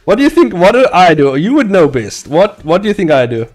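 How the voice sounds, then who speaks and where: A man's voice: high voice, very animated, fairly quick. A young man chatting casually with viewers while drawing his comic. He rambles, laughs a lot and swears freely. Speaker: comic artist streaming. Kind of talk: casual live-stream chat.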